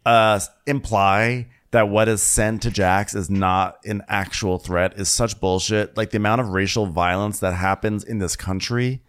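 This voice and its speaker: Low-voiced earnest male podcast co-host. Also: fairly even intonation, clean tone. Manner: earnest, halting, many fillers when serious. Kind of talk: comedic recap chat.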